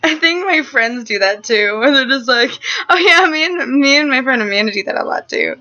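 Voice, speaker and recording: A young woman vlogger talks casually at home, her voice bright and fairly high. She chatters along with lots of fillers and turns giggly and excitable. The sound is slightly dull, like an old home video. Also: brisk. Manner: chatty, filler-heavy, jumps between topics. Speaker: vlogger and mother. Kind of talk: casual vlog chat.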